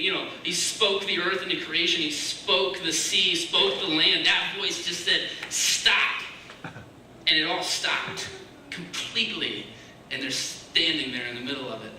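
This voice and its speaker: High, sharp-toned man preaching in echoey hall. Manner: casual and searching, acts out prayers in a hushed voice. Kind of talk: conversational sermon. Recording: echoey room, mic far off, faint hiss.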